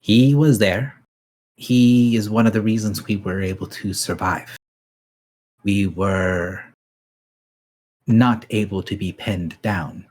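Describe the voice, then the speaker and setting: A composed goblinkin woman speaks in calm, measured, formal phrases, as a man puts her on. The voice stays low and steady.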